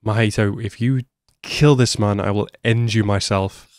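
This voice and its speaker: A man reacting to an anime episode, swinging between hushed muttering and loud, swearing outbursts. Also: on the low side, fairly even intonation, moderate pace, no echo, clean studio sound. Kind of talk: live reaction commentary.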